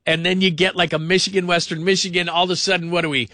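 A man hosting call-in sports radio, rambling and animated, sometimes mimicking people in funny voices. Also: high voice, fast talker, no room sound, studio quality.

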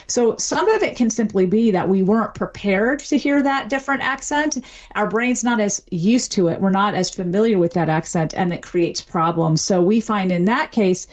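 Woman prof explaining stuff on a radio show, measured and academic, medium pitch. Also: a little mellow. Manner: measured, academic, thinks aloud with fillers. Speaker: linguistics professor, guest. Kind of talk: explanatory interview answers.

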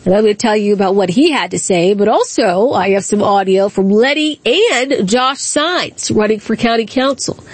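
A woman's voice: medium pitch, husky. A woman hosting talk radio, speaking in a combative, indignant way with repeated rhetorical questions.

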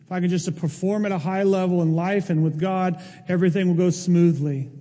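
A man's voice: high-pitched, fairly even intonation, fairly quick, warm tone. A male pastor preaching a sermon in an earnest, emotional way, rising to emphatic peaks. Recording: long hall reverb.

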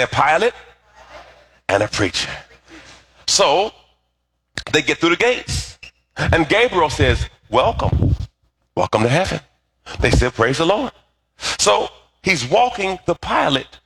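A man's voice: a little high, vocal fry, breathy edge. A middle-aged man preaching a sermon, telling stories with animation and calling on the congregation to answer back. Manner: animated storytelling with call-and-response to the congregation. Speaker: pastor.

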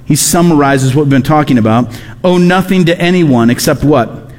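High-voiced preacher in a reverberant hall. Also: male voice, normal speed, darkish tone. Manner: earnest preaching, repeats key phrases, reads scripture aloud. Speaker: pastor. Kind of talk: sermon.

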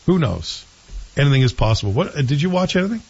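Very animated and quick-paced, a host with a fairly high, breathy voice rambles about a TV series he's reviewing on his casual chat show, often catching and correcting himself. The sound is dull and lo-fi.

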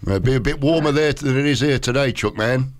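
A man's voice: medium pitch, fairly quick. A man, hosting casual radio banter with a playful, teasing manner. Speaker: radio host.

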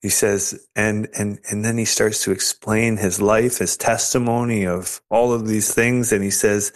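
A man's voice: lowish voice, fairly even intonation, a little slow, few pauses. A man as an interview guest, earnestly telling his personal story of faith with hesitant restarts.

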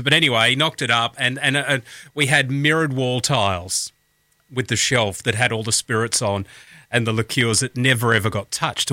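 A man's voice: mid-range voice, sharp tone, no echo, clean studio sound. A man with an Australian accent, hosting a breakfast radio show and chatting casually while reading out listener messages. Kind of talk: casual morning radio chat. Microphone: studio microphone.

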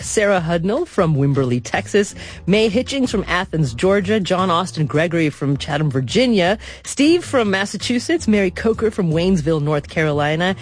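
A woman hosting a public radio interview, asking measured, thoughtful questions with a few hesitations. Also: on the low side, husky. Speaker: radio talk show host.

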